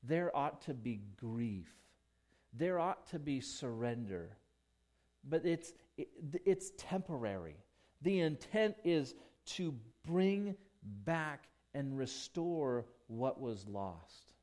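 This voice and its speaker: A male pastor preaching a sermon, emphatic, with big swings between quiet and loud. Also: very animated. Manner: slow, emphatic preaching with dramatic swings in volume and pitch.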